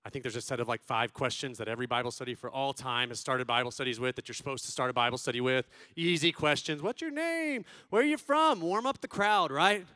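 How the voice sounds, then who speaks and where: A man in his thirties doing stand-up, telling stories as a father and acting out loud quotes between hushed asides. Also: mid-range voice, fast, hardly any pauses, no echo, studio quality. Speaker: stand-up comedian. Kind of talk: stand-up storytelling.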